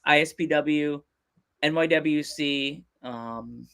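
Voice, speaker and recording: A man's voice: fairly high pitch, slow pace, creaky, a bit bright, smooth. A man from Pennsylvania hosting a casual podcast interview, joking and laughing often. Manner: playful, laughs often, jokey voices. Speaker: podcast host.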